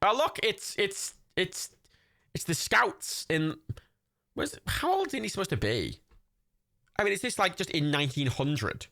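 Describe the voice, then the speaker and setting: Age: young adult. Role: excitable, swearing streamer. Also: medium pitch, unhurried, gravelly, no echo, studio quality. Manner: swears freely, laughs often, excitable. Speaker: streamer hosting a film watch party. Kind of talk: casual livestream chat, reading out chat and gifts.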